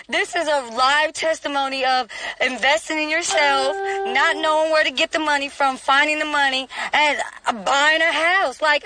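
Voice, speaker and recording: A woman giving a recorded customer testimonial, earnest and deeply grateful. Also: bright, forceful tone, rough recording.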